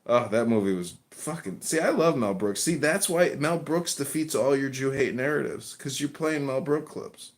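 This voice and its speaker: A man hosting a live stream, mocking and teasing his viewers in a loud, rambling, profane way. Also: medium pitch, moderate pace, few pauses.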